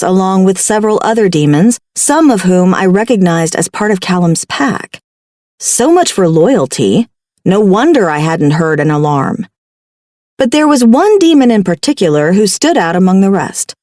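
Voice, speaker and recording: A woman narrating a paranormal romance audiobook in the first person, with a wry, expressive delivery. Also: mid-range voice, no echo, studio quality.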